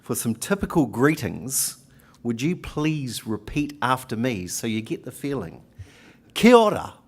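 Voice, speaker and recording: A man with a New Zealand accent gives a speech at a conference, joking with the crowd and having them repeat phrases after him. His voice sits at an ordinary middle pitch. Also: expressive, unhurried, breathy edge. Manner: jokey, leads the audience in call-and-response. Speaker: union speaker. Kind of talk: conference speech with audience participation. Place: conference hall.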